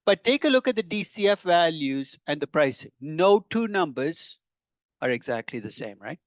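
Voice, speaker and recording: A man's voice: a little high, big pitch swings, normal speed, no room sound. An older man, a professor giving a conversational classroom lecture with wry, teasing asides to his students.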